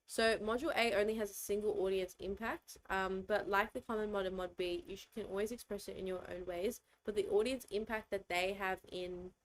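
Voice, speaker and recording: A woman's voice: medium pitch, rough recording. A young woman giving a casual exam revision lecture, chatty and informal with lots of fillers and self-deprecating asides. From Australia.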